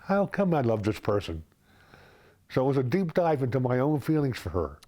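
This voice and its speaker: A man's voice: medium pitch, big pitch swings, moderate pace. A man in a news feature interview, sincerely reading love notes he wrote for his wife. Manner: reads heartfelt love notes aloud, gentle and sincere. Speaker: interviewee, husband.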